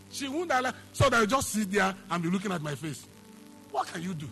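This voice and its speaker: A man's voice: sits high, lively intonation, a little fast, gravelly, bright, forceful tone, faint music behind. A man preaching a sermon, emphatic, repeating phrases and asking the congregation questions. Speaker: pastor.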